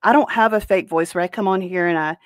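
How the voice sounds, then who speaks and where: A woman's voice: fairly low pitch, fast talker, smooth, no room sound. A woman hosting a reaction commentary show, talking in a blunt and profane way. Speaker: host.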